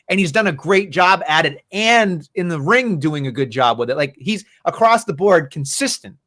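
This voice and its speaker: A man's voice: on the high side, lively intonation, moderate pace, few pauses, pushed and bright. A man co-hosting a podcast, chatting casually about wrestling in a rambling, profane way. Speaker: podcast co-host.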